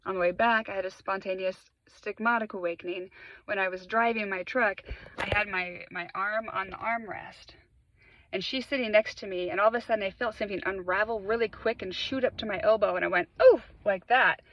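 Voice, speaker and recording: A woman's voice: mid-range voice, steady tone, fast talker, a bit bright. A woman recounting a spiritual awakening in earnest, emphatic testimony, often repeating words for weight. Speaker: spiritual vlogger. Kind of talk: personal testimony. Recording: dry, slightly muffled sound.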